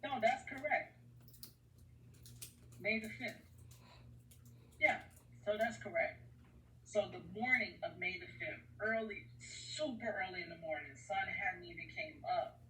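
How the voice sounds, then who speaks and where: A woman's voice: lowish voice, lively intonation, a little slow, fairly bright tone, a little hiss or hum. A woman vlogger telling a personal story in an earnest, rambling way, often repeating herself. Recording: echoey room, far from the mic.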